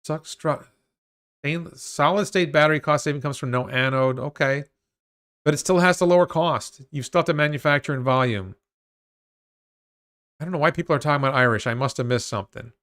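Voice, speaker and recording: A man's voice: a little high, brisk, pauses often, fairly bright tone. Talkative man ranting on a livestream. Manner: thinks aloud with restarts, reads comments. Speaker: host of a livestream on stocks. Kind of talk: solo livestream talk and rant.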